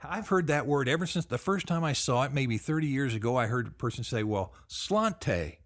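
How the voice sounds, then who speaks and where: A man from the United States hosts a relaxed language lesson. He asks curious questions in a folksy, chatty way. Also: mid-range voice, fast. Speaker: host. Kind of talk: casual educational chat.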